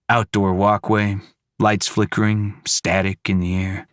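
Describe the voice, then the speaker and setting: A man narrates a horror audiobook in a low voice and short, hushed fragments. He takes his time, letting each phrase land slowly. The recording is dry and close, with no room sound. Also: little pitch movement, no room sound.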